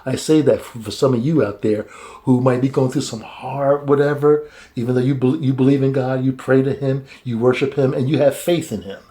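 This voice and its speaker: A man leads a casual Bible study colloquially and haltingly, restarting often and chuckling between points. His mid-range voice is steady and dark in tone.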